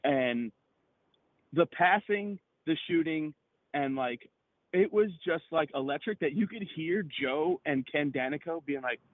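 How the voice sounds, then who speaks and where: Excitable man on a tinny phone line. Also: fairly high pitch, unhurried, no echo. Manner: excitable, profane, rambling with many fillers. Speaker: podcast co-host. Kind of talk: casual sports chat.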